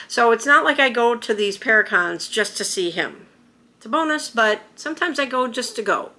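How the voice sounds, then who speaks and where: A woman's voice: mid-range voice, sharp tone. A middle-aged woman vlogging to camera, telling a personal story in a rambling, emotional way with many restarts. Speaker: YouTuber.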